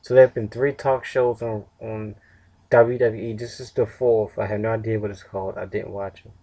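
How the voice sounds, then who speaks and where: A man's voice: lowish voice, level tone, moderate pace, dark tone. A tired young man casually reviewing a wrestling show on his own, rambling with fillers and self-corrections. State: tired, yawning.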